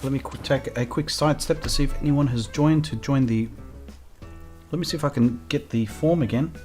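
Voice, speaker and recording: A woman's voice: a bass voice, fairly quick, warm tone, faint music behind. A woman talking casually on a live game stream, chatty and thanking her viewers as she plays.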